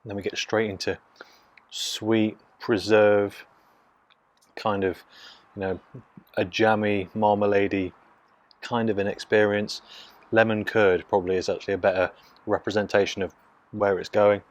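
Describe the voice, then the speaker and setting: A man, from Nottingham, casually reviewing a beer in hushed, half-whispered tones, recorded on a phone mic out in his garden. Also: fairly low pitch, level tone, measured pace, pauses often. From Nottingham, England. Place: outdoors in a home garden.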